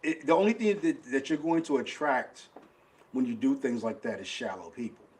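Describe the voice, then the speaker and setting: A man's voice: medium pitch, normal speed, a little mellow, slight background noise. A man, chatting bluntly on a podcast and mimicking other people's voices. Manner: blunt, acts out quoted voices. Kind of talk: casual chat.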